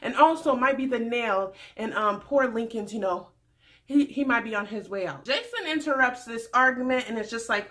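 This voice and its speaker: A young adult woman recapping a reality TV episode in a sassy, animated casual vlog. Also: a little high, moderate pace. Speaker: recap vlogger.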